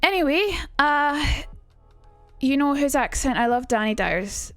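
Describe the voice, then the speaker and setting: A woman's voice: high voice, lively intonation, a little slow, a bit bright, no room sound, soft background music. A young woman with a Glaswegian Scottish accent, streaming a casual lesson, chatty and sweary and reading out her chat. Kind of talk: casual live-stream teaching.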